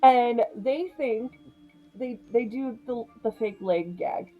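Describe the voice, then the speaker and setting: A young woman casually recapping a horror comedy, chatty and animated, laughing often. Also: a little high, slow pace, phone-quality sound, faint music behind. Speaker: film reviewer.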